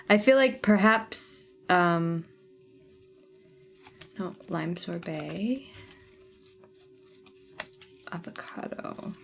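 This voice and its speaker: A woman's voice: on the low side, fairly bright tone. A woman hosting a casual craft livestream, chatting with viewers and thinking aloud as she sorts thread colors. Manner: chatty, thinking aloud while sorting flosses. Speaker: cross-stitch livestream host.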